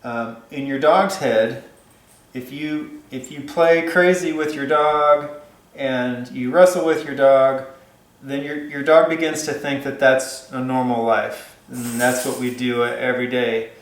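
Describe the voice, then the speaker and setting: A man talks casually about raising a puppy, circling back with lots of "you know" and "like." His voice is mid-pitched and comes through in a noticeably echoey room. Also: fairly even intonation, a little slow. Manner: rambling, many fillers and restarts. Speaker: dog trainer. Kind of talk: casual advice vlog.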